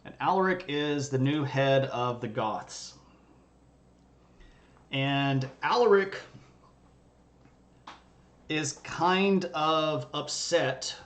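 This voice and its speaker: Joking man giving a casual history lecture. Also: mid-range voice. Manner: jokey and conversational, bantering with chat. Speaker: history streamer. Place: streaming setup.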